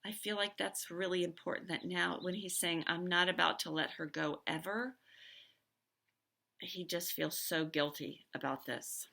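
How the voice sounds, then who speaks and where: A woman's voice: on the low side, fairly even intonation, a little slow, vocal fry, sharp tone. A woman teacher reading a novel aloud with expression, stopping now and then to comment on the story.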